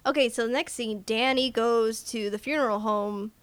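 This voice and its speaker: Woman, podcast co-host, casual film recap, animated, dead-dry close sound. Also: a little high, moderate pace, no room sound. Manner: animated, acts out characters' lines.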